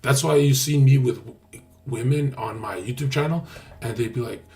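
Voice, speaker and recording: A man's voice: mid-range voice, normal speed, mellow. A man talking casually on a livestream, brash, boastful and profane. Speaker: streamer.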